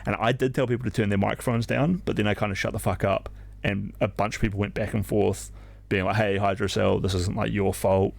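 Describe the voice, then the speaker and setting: A man's voice: fairly low pitch, steady tone, fast, vocal fry, no echo. A young man streaming live who tells a story casually, rambling with constant fillers and swearing freely. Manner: rambling, filler-heavy, profane.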